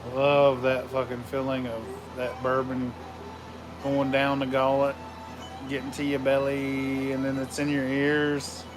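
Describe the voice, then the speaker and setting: A man hosting a casual livestream from his home man cave, greeting viewers with loud, profane, rambling shout-outs. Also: mid-range voice, monotone, unhurried, over music, rough recording. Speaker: livestream host.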